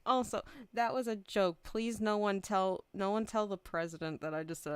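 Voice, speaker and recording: Her voice is medium in pitch and steady, moving at normal speed, and the recording is smooth and dry. The VTuber chats loosely with her stream, often laughing, cursing without restraint, and sometimes near tears.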